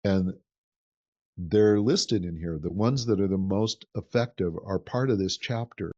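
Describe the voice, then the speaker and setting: A man's voice: low-pitched, unhurried, darkish tone. A man teaching a workshop in an earnest way, often repeating a word as he builds his sentences. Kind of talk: teaching talk. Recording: dull lo-fi recording.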